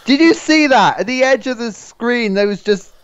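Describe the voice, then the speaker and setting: A man's voice: very high-pitched, lively intonation, normal speed, clean tone. A man joining as guest for a casual movie riff, joking sarcastically and swearing often. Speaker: guest co-host. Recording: slightly dull lo-fi mic.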